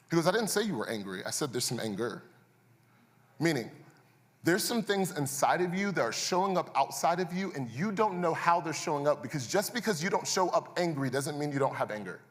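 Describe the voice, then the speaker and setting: A man's voice: on the high side, lively intonation, brisk. A man preaching a sermon as pastor, conversational and building to intense, repeated refrains. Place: church auditorium. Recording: church hall reverb.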